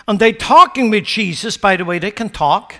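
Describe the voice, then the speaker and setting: A man's voice: high-pitched, animated, moderate pace, a bit bright. A man preaching a sermon, asking rhetorical questions and mocking wrong ideas with sarcastic paraphrases before stressing his point. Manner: rhetorical questions, rising to emphatic peaks.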